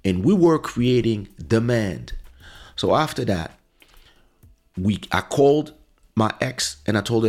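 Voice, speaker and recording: A man's voice: lowish voice, expressive, measured pace, pauses often, darkish tone. A man hosting a podcast, telling a casual story with fillers and restarts and acting out quoted lines. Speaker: podcast host. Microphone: studio microphone.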